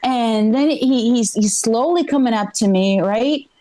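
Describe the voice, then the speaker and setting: A woman's voice: on the high side, unhurried, warm tone. Chatty woman telling stand-up stories. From Ukraine. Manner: chatty, rambling, checks in with the crowd. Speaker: stand-up comedian. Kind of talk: live stand-up storytelling. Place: small comedy club stage.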